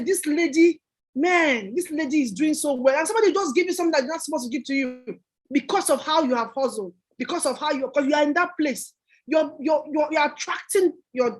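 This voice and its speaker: A woman delivers a motivational talk in a notably high voice. She is emphatic and repeats her phrases for effect, much like a preacher. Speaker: guest entrepreneur.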